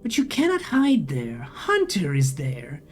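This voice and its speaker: A player reading a narrative game aloud, voicing a cryptic vending machine in slow, halting, broken phrases. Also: medium pitch, huge pitch swings, darkish tone, slight background noise. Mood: urgent. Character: eerie multitonal vending machine, cryptic and urgent.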